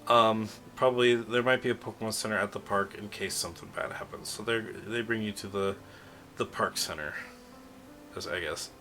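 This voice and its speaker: A man with a fairly low but bright, forceful voice narrates as game master. He rambles and laughs as he goes, slipping into side characters. Faint music runs underneath. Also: fairly even intonation, normal speed.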